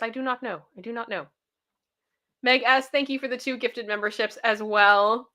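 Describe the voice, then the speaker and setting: A woman's voice: a little high, steady tone, normal speed, pushed and bright. A young woman hosting a casual livestream, chatty and repeating herself as she thanks viewers by name. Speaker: livestream host.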